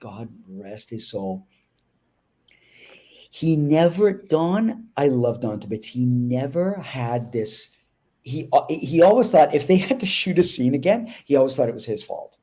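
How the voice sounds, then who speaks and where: A male actor being interviewed, telling lively backstage anecdotes in a casual way and acting out other people's lines as he goes. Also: medium pitch, a little slow, breathy edge. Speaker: guest actor.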